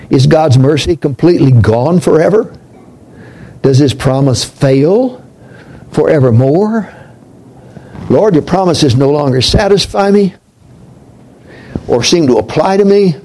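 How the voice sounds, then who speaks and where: Older-sounding guy preaching, slow and reflective, kinda higher voice with a gravelly edge. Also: slight background noise, poor audio. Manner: slow, reflective, drops to a hush on key points. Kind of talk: sermon.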